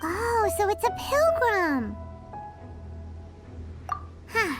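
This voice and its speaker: A squeaky chatty little sprite. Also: female voice, big pitch swings, drawn-out words, exaggerated voice. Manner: chatty, teasing, exclamatory. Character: small chirpy floating female companion sprite. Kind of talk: video game voice acting. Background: game music.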